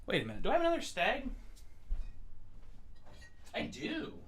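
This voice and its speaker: Bright-voiced man chatting over a tasting. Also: very high voice, huge pitch swings, very fast, slight background noise. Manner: loose, joking, swears freely; chats with viewers. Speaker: whiskey reviewer and streamer. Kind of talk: casual livestream tasting chat.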